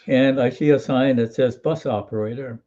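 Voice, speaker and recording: An elderly man in his eighties recalls his army days in an interview, folksy and wry, restarting his sentences as he goes. His voice sits at an ordinary pitch with a mellow, dark tone, and the recording sounds a little dull and lo-fi. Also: steady tone, normal speed. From Hawaii. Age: 80s. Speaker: interview guest, military veteran. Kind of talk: storytelling in an interview.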